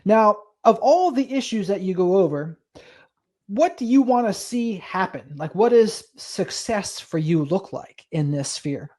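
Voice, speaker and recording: A podcast host interviewing a guest, agreeing warmly and sharing personal experience in conversation. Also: mid-range voice, sing-song, measured pace. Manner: agreeable, affirming, opening up.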